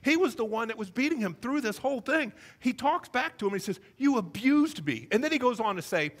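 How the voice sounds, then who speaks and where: A male pastor preaching a sermon, telling the story with animated, comic acted-out voices. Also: very high voice, fast talker.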